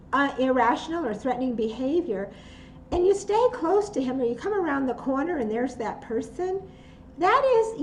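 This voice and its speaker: A woman's voice: high-pitched, darkish tone, slight background noise. Lady teaching self defense on a video call, upbeat, sounds kinda echoey. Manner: encouraging, gives clear commands, laughs easily. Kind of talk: online workshop teaching. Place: indoor room.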